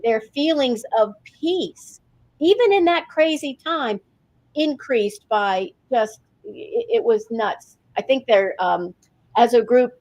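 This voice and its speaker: An older woman from rural Virginia, a spiritual teacher telling stories in an interview, lively with laughs and restarts. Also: medium pitch, vocal fry. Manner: animated storytelling with laughs and restarts. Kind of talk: interview conversation.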